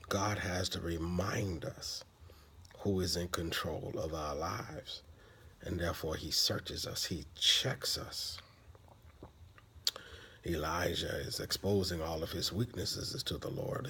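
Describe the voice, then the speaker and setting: A man's voice: sits low, gravelly, pushed and bright, a little hiss or hum. A man preaching a devotional sermon, dramatic and sometimes dropping to a whisper for emphasis.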